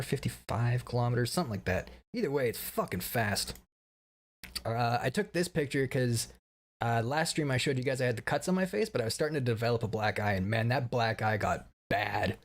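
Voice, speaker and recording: A man's voice: mid-range voice, a little fast. A man around thirty giving a casual, rambling stream update, swearing often and laughing at his own stories.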